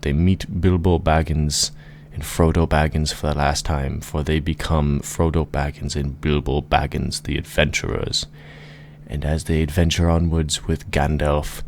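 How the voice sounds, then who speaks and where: A man's voice: extremely low pitch, creaky, a little mellow, slight background noise. A man narrating an improvised comic fantasy story with rambling, laughing asides.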